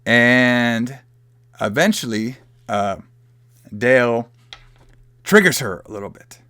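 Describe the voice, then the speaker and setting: A man's voice: medium pitch, animated, slow, pushed and bright, smooth, no room sound. A man hosting a podcast, loosely and profanely retelling a movie plot in casual chat. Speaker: podcast host.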